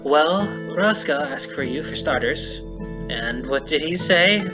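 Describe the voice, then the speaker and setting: A man's voice: fairly high pitch, lively intonation, slow. A man voicing a worried, gushing motherly village woman in a game he reads aloud. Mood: gossiping. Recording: dull lo-fi sound, game music behind.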